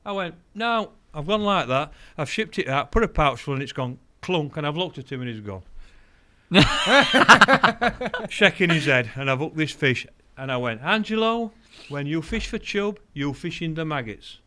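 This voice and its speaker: Lively older man. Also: a little high, normal speed, few pauses. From England. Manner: animated, acts out quoted voices, laughs often. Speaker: guest, angling champion. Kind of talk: anecdotal storytelling.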